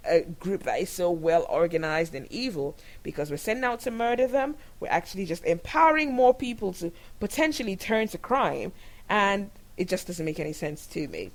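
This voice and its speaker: A woman from Nigeria hosting her own show, giving candid, animated commentary on the news and laughing often as she talks. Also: on the low side, normal speed, poor audio. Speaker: show host. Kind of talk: opinionated commentary monologue.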